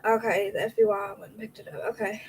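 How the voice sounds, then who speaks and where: A woman's voice: medium pitch, steady tone, fast talker, slight background noise, rough recording. A woman, hosting a casual livestream, chatty and reacting aloud to viewer comments, a little out of breath. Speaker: livestream host.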